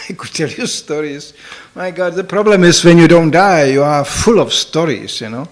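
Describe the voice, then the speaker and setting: A fairly high-pitched older man with lively intonation tells amusing anecdotes in a spiritual talk at normal speed. As a spiritual teacher doing sermon storytelling, he is chatty, often says "you know," and laughs at his own stories.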